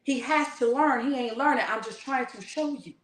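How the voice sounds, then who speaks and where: A tender divine voice pleads and coaxes in a high, gentle tone, put on by a woman. It keeps calling its listener baby and begs to be trusted. The sound is roomy, with a clear echo around it. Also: normal speed, close to an everyday voice. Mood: begging. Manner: soft, coaxing, calls the listener baby.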